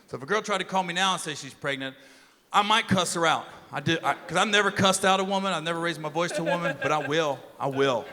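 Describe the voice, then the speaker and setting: A middle-aged man performing a profane, swaggering stand-up comedy set, acting out shouted quotes, on stage with a handheld mic. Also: fairly high pitch, quick pace, in a large hall. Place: comedy stage before a live audience. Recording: live room with crowd laughter and noise.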